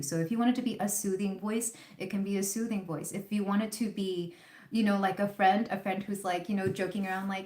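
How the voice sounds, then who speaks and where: A woman's voice: mid-range voice, a little fast, darkish tone. A woman hosting a live tarot reading, chatting casually and rambling with fillers. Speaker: tarot reader hosting a livestream. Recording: roomy echo.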